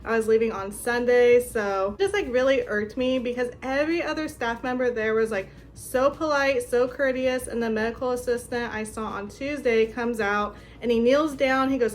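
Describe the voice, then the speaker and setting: A woman's voice: fairly high pitch, normal speed, few pauses, slight background noise. A young woman vlogger telling a story in a casual, chatty way, filling her talk with "like". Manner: chatty, lots of "like", animated retelling.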